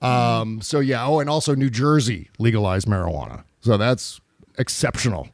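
A man's voice: medium pitch, moderate pace, no echo, clean studio sound. A man hosting a political chat podcast from home, wry and profane, laughing often. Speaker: podcast host.

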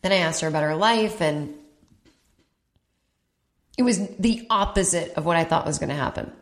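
Recording her comedy podcast from home, a somewhat low-voiced woman meanders through a story from her own life. Profanity comes easily and so does self-mockery, and whenever she quotes someone she briefly puts on a voice for them.

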